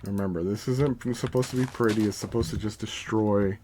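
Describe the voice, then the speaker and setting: Guy streamer talking over his game, lowish voice, faint keyboard clicking behind. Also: fairly even intonation, brisk, mellow, a little hiss or hum. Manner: chatty, self-narrating, jokingly grandiose. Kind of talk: casual gameplay commentary.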